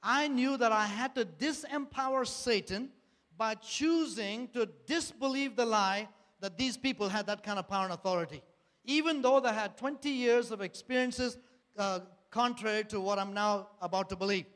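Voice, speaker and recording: In a high, fairly bright voice at normal speed, a man delivers an earnest church testimony about his own life. He repeats phrases and asks rhetorical questions, with long hall reverb on the recording.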